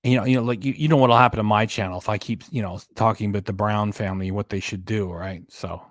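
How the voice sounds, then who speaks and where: A man's voice: on the low side, steady tone, quick pace, no room sound, studio quality. A man rambling casually on a livestream about his troubles.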